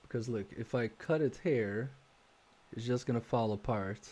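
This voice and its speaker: At a normal speed and in a mid-range voice, a man talks through an electronics repair during a live stream. He reasons out loud in a tentative, self-doubting manner, heavy on fillers, often trailing off, muttering with quiet focus as he works.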